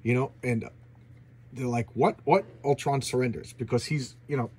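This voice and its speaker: Male host, casual review vlog; husky, eager, tumbling and repetitive delivery. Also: mid-range voice, moderate pace. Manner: excitable, gushing, repeats words. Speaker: comic book channel host. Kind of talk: casual comic book review.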